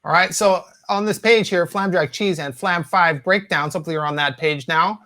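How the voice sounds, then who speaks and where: A man in his forties from the US West Coast walks through drum rudiments in an easygoing teaching voice. His pitch sits a little above the usual male range, and he fills gaps with uhs and ums. Now and then he counts aloud or sings the patterns. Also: moderate pace, sharp tone. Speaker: drum instructor. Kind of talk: instructional talk.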